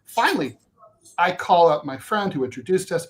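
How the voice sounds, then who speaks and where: A man spins a long story in relaxed conversation, his voice jumping up and down in pitch as he gets worked up. He swears freely and breaks off mid-sentence to add asides and corrections. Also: moderate pace. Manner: animated, swearing, restarts and asides. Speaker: co-host. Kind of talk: casual storytelling chat.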